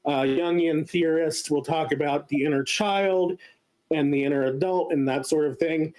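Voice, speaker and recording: A man giving a casual explanatory lecture as a guest speaker, often pausing on filler sounds. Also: a little high, fairly even intonation, darkish tone, rough recording.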